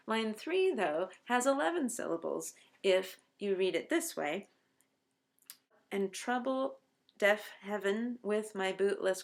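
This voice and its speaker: A middle-aged woman, a college professor, explaining a poem line by line and reading its verses aloud slowly. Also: mid-range voice, gravelly. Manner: slows down to recite verse aloud. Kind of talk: line-by-line poetry lecture.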